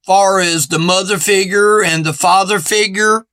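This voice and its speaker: A man with a high, bright voice preaches a sermon at an unhurried pace. He sounds earnest and repeats his points in plain everyday grammar, and the recording is dry and close. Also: steady tone, dry recording. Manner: earnest and repetitive, stressing points with "see".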